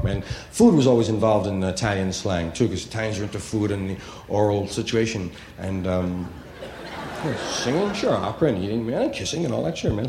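A man doing a stand-up comedy routine, telling rambling, profane, animated stories. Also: on the low side, long reverb tail, slight background noise.

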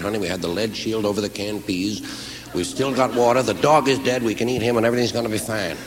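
Profane, animated male stand-up comic. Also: medium pitch, in a large hall, a little hiss or hum. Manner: rambling, profane, animated storytelling. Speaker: stand-up comedian. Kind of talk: stand-up comedy routine.

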